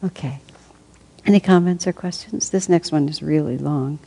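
A woman's voice: sits low, normal speed, creaky, dark tone, breathy edge, rough recording. A woman reading passages aloud to a study group, with chatty asides and frequent laughter. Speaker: reader leading a study group.

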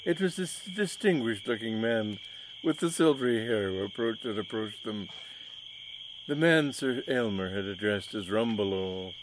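A man's voice: on the low side, normal speed, noisy background. Man reading a comic story aloud.

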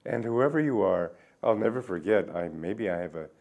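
An older man giving a reflective spiritual talk, speaking gently and musingly, with soft drawn-out endings. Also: deep voice, expressive, creaky, dull audio. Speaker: spiritual teacher.

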